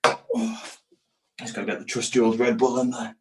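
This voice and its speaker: A man's voice: medium pitch, sing-song, moderate pace, a little hiss or hum, low-quality recording. A man with hiccups, patiently explaining step by step how he cuts kite panels. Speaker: kite builder demonstrating. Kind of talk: step-by-step craft instruction.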